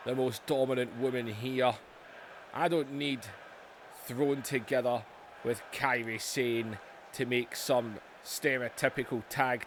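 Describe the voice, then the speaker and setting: A man's voice: mid-range voice, fairly bright tone, slight background noise. A man voicing a proud, fed-up female wrestler cutting a firm challenge promo, in his own plain voice with no accent.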